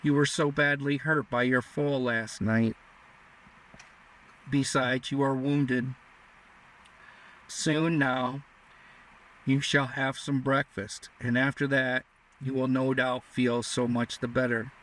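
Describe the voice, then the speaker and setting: Gentle motherly Creole woman voiced by a male reader, soft tender tone, unhurried, slightly distant mic. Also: medium pitch, flat delivery. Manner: gentle, soothing.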